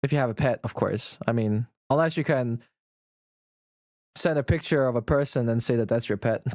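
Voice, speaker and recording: A man's voice: mid-range voice, moderate pace, darkish tone, dry recording, studio quality. A man streaming live, ranting and complaining with lots of swearing and frequent laughs at himself. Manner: profane, ranting, exasperated complaining; laughs often at his own rant. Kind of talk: casual livestream chat.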